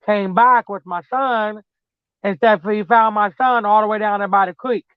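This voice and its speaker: A woman's voice: mid-range voice, steady tone, moderate pace, clean tone, no echo, lo-fi sound. A mother chatting casually about her children, rambling, swearing freely and often tossing in "man". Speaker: mother telling personal stories. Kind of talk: casual storytelling chat.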